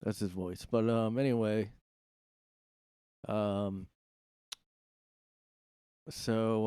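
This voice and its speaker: A man's voice: fairly low pitch, fairly even intonation, extremely slow, long pauses, mellow, clear, resonant tone, no room sound, clean studio sound. A man from South Jersey hosting a casual solo podcast, rambling and joking with lots of fillers. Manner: rambling, filler-heavy and jokey. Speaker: podcast host. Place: his own room.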